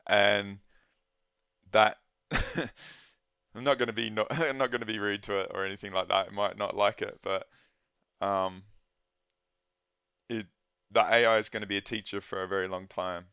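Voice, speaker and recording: A man with a very low, flat voice talks as a guest in a conversation, earnest and halting, often breaking off to start again. His tone is smooth and clear, and the sound is dry and close. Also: no echo. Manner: earnest, halting, with many restarts. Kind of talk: casual conversation.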